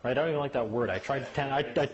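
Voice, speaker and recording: A man's voice: medium pitch, rapid-fire, dull audio, a crowd in the background. A man giving a casual talk on legal rights to a small group, telling stories and acting out voices. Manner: animated storyteller who acts out voices.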